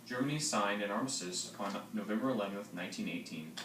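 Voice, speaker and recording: A teenage boy reading a school history project in a plain, steady way. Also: fairly low pitch, fast. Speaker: student presenter. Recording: roomy, distant mic, faint noise.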